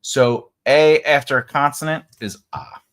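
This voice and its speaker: A man's voice: medium pitch, a little slow, fairly bright tone. A man from the United States giving a casual, rambling live writing lesson, full of fillers and restarts. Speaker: writing teacher.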